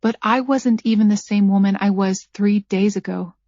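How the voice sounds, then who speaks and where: A woman narrating a first-person thriller audiobook at a measured pace, her character's lines dryly sarcastic. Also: mid-range voice, steady tone, mellow, no room sound. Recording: dull lo-fi dry recording.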